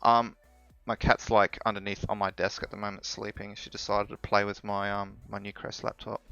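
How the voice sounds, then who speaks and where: A man's voice: fairly low pitch, level tone, normal speed, gravelly, bright, forceful tone, clean tone, dry recording, dull audio, faint music behind. A man chatting casually while live coding, rambling with fillers and laughing often. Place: home office.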